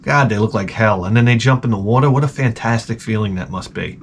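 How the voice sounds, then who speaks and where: A man's voice: lowish voice, a little fast, slight background noise. A middle-aged man hosting his own show, telling a profane, rambling, self-mocking story full of stammered restarts. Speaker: show host. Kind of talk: casual comedic rant.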